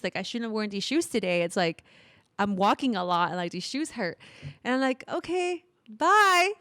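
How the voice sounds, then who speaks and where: With a fairly high pitch and no echo, a woman in her thirties co-hosting a podcast recounts a story in relaxed chat. She's animated throughout, laughing a lot and performing the quotes.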